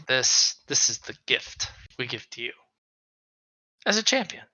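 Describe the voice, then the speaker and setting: A man runs a tabletop game as its game master, narrating events and swearing freely as he goes. His voice is bright and swoops all over, and it is recorded close and dry. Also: mid-range voice, a little slow, slightly rough, no echo, low-quality recording. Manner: animated, swearing, shouts out players' lines.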